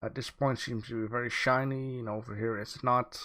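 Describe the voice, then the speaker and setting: A man hosting a livestream, giving relaxed art feedback with many fillers, thinking aloud as he goes. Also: medium pitch, moderate pace. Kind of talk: casual livestream commentary.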